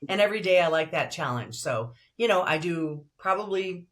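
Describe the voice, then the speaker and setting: An older woman with a deep alto voice, a broadcaster and voiceover actress talking as a guest in a casual interview, lively and upbeat. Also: moderate pace.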